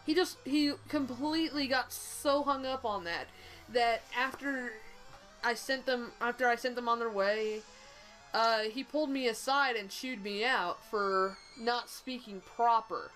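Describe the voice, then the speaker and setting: A young woman with a Southern US accent tells a story in casual co-host chat, her voice pitched a little high. She rambles, talks bluntly and swears freely. Faint game music plays underneath. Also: unhurried, a bit bright, low-quality recording.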